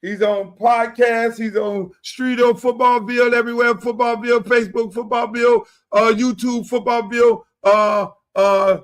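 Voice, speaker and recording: A middle-aged man hosting a casual podcast, loud and joking, often bursting into excited shouts. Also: extremely high pitch, normal speed, few pauses. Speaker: podcast host.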